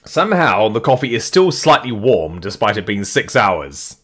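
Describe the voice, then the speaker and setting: A man's voice: on the low side, big pitch swings, moderate pace, a bit bright, husky. A tired man reading a comic aloud live to his chat, casual and swearing, his voice sticking late in a long session. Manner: weary, rambling, swears casually. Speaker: live-stream reader. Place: home streaming setup. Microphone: desk mic with facecam.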